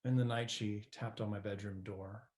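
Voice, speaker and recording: A man's voice: lowish voice, steady tone, moderate pace, darkish tone, lightly acted. A middle-aged actor playing a divorced son who tells a wry, patient story about caring for his mother on stage. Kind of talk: stage monologue.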